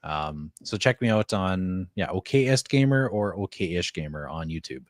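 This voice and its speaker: A Canadian man talking casually as a podcast guest, with a laid-back, smooth voice. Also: sits low, expressive, a little slow, dry recording, clean studio sound. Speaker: guest YouTuber.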